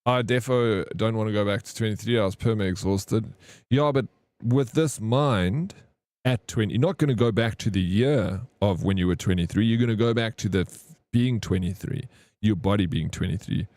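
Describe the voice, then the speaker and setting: A man's voice: on the low side, normal speed, a little mellow, no room sound. A man, chatting casually with viewers on a live stream and rambling through stories full of slang. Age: 30s. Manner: rambling storyteller, slangy, says "bro" often.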